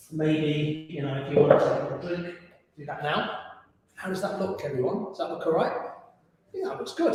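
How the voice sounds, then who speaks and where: A man leading a gentle beginner yoga class in a relaxed, chatty, encouraging way. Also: on the high side, slight background noise. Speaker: yoga teacher. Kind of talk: gentle guided yoga instruction. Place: yoga studio, indoors. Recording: very echoey, reverberant room.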